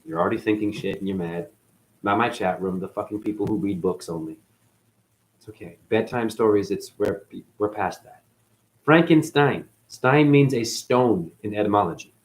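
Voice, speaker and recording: A man rambling through a profane spiritual monologue, dropping to mutters and then jumping up in excited bursts. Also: on the low side, moderate pace, slight background noise, poor audio. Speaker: spiritual video host.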